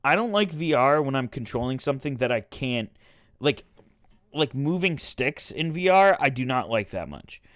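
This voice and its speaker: A man's voice: mid-range voice, big pitch swings, moderate pace, fairly bright tone, dry recording, studio quality. A young man co-hosting a podcast, telling a rambling, swear-filled gaming story in casual chat with friends. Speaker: podcast co-host.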